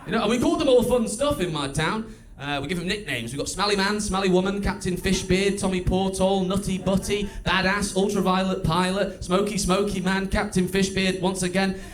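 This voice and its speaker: Male stand-up, Stoke-on-Trent accent, high voice, chatty and wry, live club recording with clear hiss. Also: a little fast. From England. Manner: chatty and wry, with bursts of loud mimicry. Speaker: stand-up comedian. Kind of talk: stand-up comedy set. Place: comedy club stage before a live audience.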